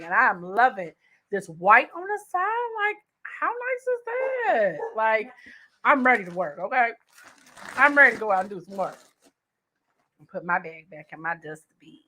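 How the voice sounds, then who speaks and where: A woman hosting a casual livestream from home, chatty and excitable, talking straight to her viewers. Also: medium pitch, slight background noise. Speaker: livestream host.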